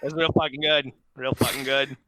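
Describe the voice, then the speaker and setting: A man's voice: medium pitch, little pitch movement, normal speed, a crowd in the background. A man chatting casually on a podcast, laughing often and swearing freely. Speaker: podcast co-host. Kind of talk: casual chat.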